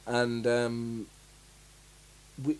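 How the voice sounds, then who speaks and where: A man's voice: mid-range voice, level tone, extremely slow, clean tone. A young man co-hosting a casual chat about films, rambling with lots of fillers and restarts. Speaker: podcast co-host.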